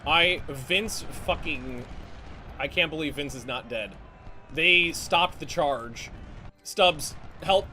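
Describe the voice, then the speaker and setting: A man giving live commentary on a strategy game, talking in halting restarts with casual swearing and barking quick orders to his units. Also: on the high side, bright, forceful tone, faint music behind. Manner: barks quick orders to units, voice jumps up when alarmed. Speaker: streamer.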